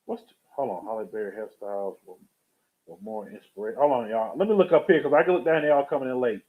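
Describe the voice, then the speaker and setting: A man's voice: mid-range voice, fast talker. A man live-streaming, telling a rambling story in a casual, chatty way and greeting viewers from the chat. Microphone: webcam or USB streaming setup. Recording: tinny phone-like sound.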